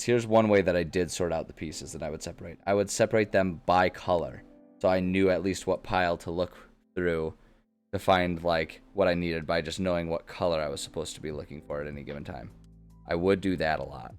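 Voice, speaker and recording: A man's voice: deep voice, clear, resonant tone. A man streaming a casual build session, chatting cheerfully and sounding easily delighted. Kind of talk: casual live-stream chat while building.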